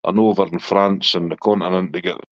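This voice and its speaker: A Scottish man hosting a casual live chat with viewers in a relaxed, chatty way. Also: fast talker, no echo. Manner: relaxed, chatty, talks to his dog in a high baby voice. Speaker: livestream host chatting with viewers. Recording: dull lo-fi dry sound.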